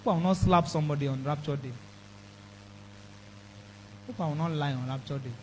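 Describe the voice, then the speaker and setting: A man's voice: fairly high pitch, a little fast, a little hiss or hum, low-quality recording. A man preaching a sermon with emphatic delivery, throwing call-and-response questions to the congregation. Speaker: pastor.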